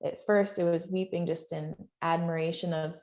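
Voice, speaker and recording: A woman's voice: on the low side, steady tone, normal speed, a little mellow. A woman guest on a podcast, sharing a personal story earnestly and emotionally, often laughing as she talks.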